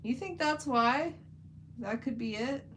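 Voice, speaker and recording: A woman's voice: high voice, slow pace, a bit bright, slight background noise, rough recording. A woman chatting casually on a livestream while she paints, rambling with lots of "like" fillers. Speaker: livestream host.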